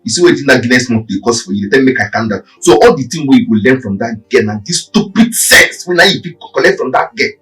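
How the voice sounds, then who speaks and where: An actor voices a jealous, quarrelsome village boyfriend, speaking in a Nigerian Pidgin accent. His scolding comes out fast and swings widely in pitch. He sounds set back from the mic, with film music underneath. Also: lively intonation, fairly bright tone, recorded from a distance, natural voice, poor audio. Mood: angry. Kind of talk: Nollywood film acting.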